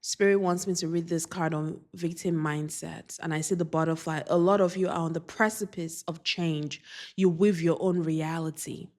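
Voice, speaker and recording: A woman's voice: sits low, steady tone, a little mellow. A woman doing a spiritual oracle card reading, speaking earnestly and repeating affirmations. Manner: slow, repetitive, earnest affirmations.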